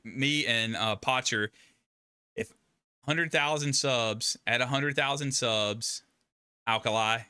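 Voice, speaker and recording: A man's voice: mid-range voice, sharp tone, smooth, no room sound. An older man, hosting a casual live stream, talking in a rambling, emphatic way with frequent restarts.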